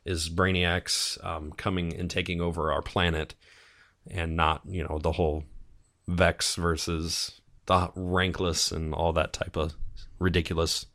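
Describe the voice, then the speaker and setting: A man's voice: sits low, flat delivery, a little slow, a bit bright. A man co-hosting a casual podcast, animatedly retelling a TV episode and acting out the characters' lines. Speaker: podcast co-host. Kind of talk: casual chat.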